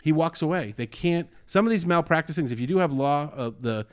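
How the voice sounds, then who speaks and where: A man co-hosting a casual podcast chat, retelling a story with animated acted-out quotes and frequent swearing. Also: on the high side, fairly quick. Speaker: podcast co-host.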